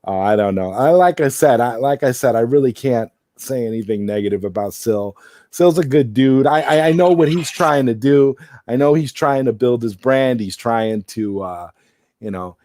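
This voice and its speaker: A man's voice: medium pitch, mellow. A man hosting a casual late-night live-stream Q&A, rambling and circling back to repeat his points.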